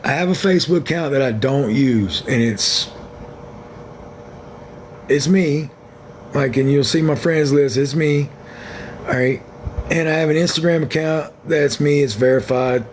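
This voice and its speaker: A man chats through his own livestream with a voice pitched a bit above the usual for a man. He talks bluntly and frankly, wandering from point to point. A faint hum of noise sits under his voice. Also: unhurried, pauses often. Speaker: livestream host. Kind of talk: casual livestream chat.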